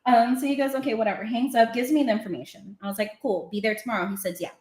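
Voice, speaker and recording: A woman's voice: a little high, racing, reverberant. A woman telling a story in casual chat, laughing often and acting out what people said. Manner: animated, laughing, acting out quotes. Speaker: podcast guest.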